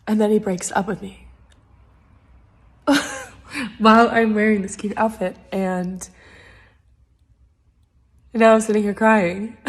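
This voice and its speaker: Slow-talking young woman laughing through tears. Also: medium pitch. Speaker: storyteller. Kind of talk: casual storytime.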